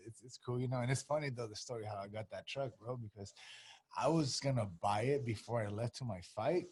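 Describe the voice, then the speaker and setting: A man's voice: medium pitch, fairly quick, a little mellow, breathy edge. A man telling a story in a laid-back way, cursing freely and acting out both sides of the exchange. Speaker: guest, pro boxer. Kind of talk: casual storytelling chat.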